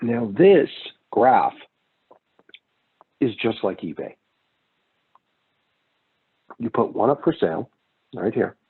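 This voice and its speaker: A man lectures on economics in a loose, conversational way and often wanders into stories from his own travels. His voice is husky. The recording sounds thin and phone-like. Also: fairly low pitch, very animated, slow, long pauses. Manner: casual, digressive, with personal anecdotes. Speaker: economics instructor.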